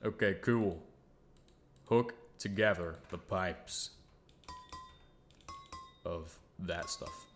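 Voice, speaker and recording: Faint music plays behind a low-voiced man who speaks extremely slowly with frequent pauses. A gaming video creator, he jokes casually and mocks himself while building, muttering and humming along the way.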